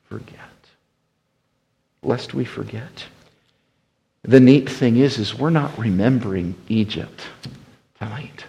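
Gravelly-voiced man preaching with dramatic swings. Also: poor audio. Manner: preaching with big swings from loud emphatic bursts to hushed low tones. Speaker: pastor. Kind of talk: sermon.

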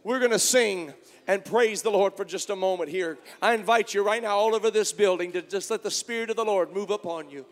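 A man preaching as pastor, moving from quiet talk to shouted praise. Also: high voice, fairly quick, long reverb tail. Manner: preaching, swinging from soft to shouting. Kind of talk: sermon. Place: church sanctuary.

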